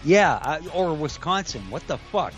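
A man's voice: fairly high pitch, sing-song, a little slow, soft background music. A man hosting a wrestling talk show, rambling and joking with lots of fillers. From Canada. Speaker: host. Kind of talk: casual podcast banter. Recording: dull, muffled sound.

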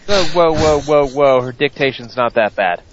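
A man's voice: medium pitch, lively intonation, moderate pace, highs cut off, a little hiss or hum. A man on a talk show panel, joking around in casual banter.

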